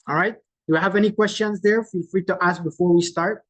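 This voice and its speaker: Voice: mid-range voice, fairly even intonation, fairly bright tone, low-quality recording. A host running a quiz game over a video call, repeating each clue and tagging lines with "right?" in a loose, chatty way. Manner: repeats each clue slowly, reading out answers from the chat. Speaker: game host at a virtual conference. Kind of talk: casual hosting of a chat quiz game.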